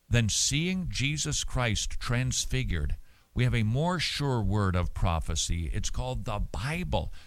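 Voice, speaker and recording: A man hosting a show, answering listener mail in casual talk, animated and emphatic with many restarts and repeated words. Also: mid-range voice, dry recording. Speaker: radio show host.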